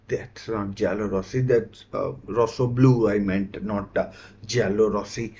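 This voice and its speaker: Halting man hosting a football stream. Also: fairly low pitch, fairly even intonation, mellow, dull audio. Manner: halting, many fillers and self-corrections. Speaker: football watchalong host. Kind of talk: casual live-stream commentary.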